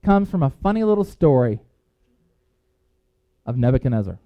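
Male preacher, not a native English speaker, animated storyteller with a swooping delivery. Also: medium pitch, moderate pace, lo-fi sound. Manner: animated storyteller, acts out quotes, chuckles. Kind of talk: informal sermon with scripture reading.

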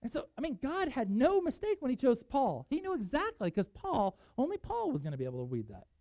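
A pastor preaching a sermon, telling a Bible story with animated delivery and reading scripture aloud. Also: high-pitched, a little fast, dry recording, poor audio.

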